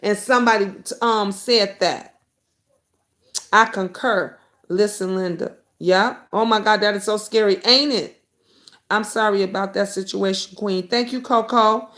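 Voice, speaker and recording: A woman's voice: mid-range voice, unhurried. A middle-aged woman hosting a live stream, talking bluntly and reading viewer comments aloud, with the occasional swear. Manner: blunt and outspoken, swears freely; animated, jumps between comments and stories. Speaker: YouTube talk show host.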